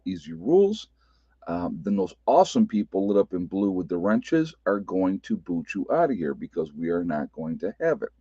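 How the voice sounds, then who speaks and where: A man hosting a casual livestream speaks with an Appalachian American accent in a low, slightly mellow voice, with no room sound. His talk is loose, broken by frequent laughs and restarted sentences, on dull lo-fi webcam audio.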